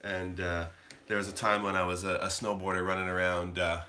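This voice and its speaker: A man's voice: sits low, level tone, a little fast, pushed and bright. A man in his thirties from Canada, rambling casually to his livestream viewers and answering the chat. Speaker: livestream host.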